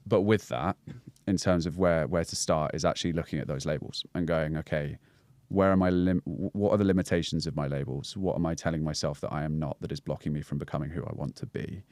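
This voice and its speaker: A man with a Scouse accent and a very low, deep voice, speaking in a casual podcast chat. He explains ideas in a reflective way, full of fillers and restarts. The sound is dry and close. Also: steady tone, quick pace, few pauses, a little mellow, no echo. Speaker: podcast guest, breathwork coach.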